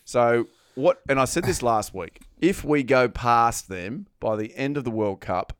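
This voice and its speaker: A man's voice: mid-range voice, lively intonation, unhurried, smooth, no echo, studio quality. A man hosting a casual podcast, teasing his co-hosts with cheeky banter before moving through segments. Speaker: podcast host. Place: studio.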